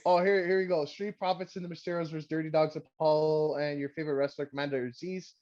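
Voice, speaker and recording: A man's voice: on the high side, little pitch movement, fast talker, a little mellow. A man co-hosting a casual podcast, rambling and sarcastic, cursing freely. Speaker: podcast co-host. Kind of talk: casual wrestling recap chat. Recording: dull lo-fi sound.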